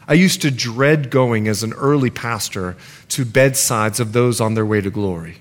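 A middle-aged man pastor preaching a sermon, telling stories earnestly and dropping to a hush on solemn points. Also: mid-range voice, moderate pace.

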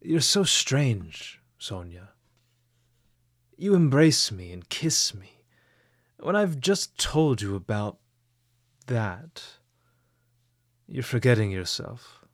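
Man reading a gloomy troubled young man, subdued and unhurried, low voice, dry sound. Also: big pitch swings, dry recording. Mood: weary.

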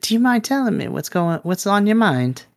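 A man's voice: high-pitched, very animated, moderate pace, creaky, voice pushed up, full character voice. A man voicing a flirtatious woman who performs at a nightclub, in a sultry, affectionate manner, during a tabletop role-play. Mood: tender. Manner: sultry, affectionate, calls others darling and love.

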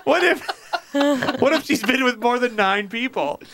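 A man's voice: very high-pitched, animated, unhurried, vocal fry, noisy background. A man hosting a comedy podcast in casual chat, rambling through absurd questions and giggling often. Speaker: podcast host.

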